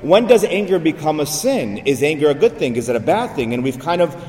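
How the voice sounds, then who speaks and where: Lively priest preaching in an echoey hall. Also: male voice, on the high side, brisk. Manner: conversational preaching, frequent "right?" asides. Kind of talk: sermon. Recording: echoey church hall, voice from far off.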